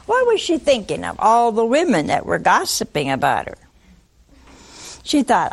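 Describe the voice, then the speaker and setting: An older woman giving a sermon, telling the story in a lively way, acting out voices and asking her listeners questions. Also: fairly high pitch, moderate pace, vocal fry, long pauses, husky. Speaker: preacher.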